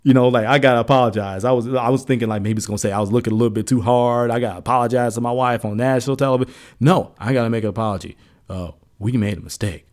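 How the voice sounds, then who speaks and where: Animated American man telling a story. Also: rapid-fire. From United States. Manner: animated storytelling, rises high when retelling events. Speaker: podcast co-host. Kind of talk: casual sports podcast chat.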